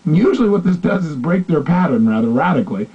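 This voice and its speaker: A man gives a motivational seminar talk with a lively, swooping delivery, and he acts out conversations in shifting voices. His voice is husky and mellow, and the recording sounds dull and lo-fi. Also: a little high, fast. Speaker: motivational speaker. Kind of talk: seminar talk acting out dialogues.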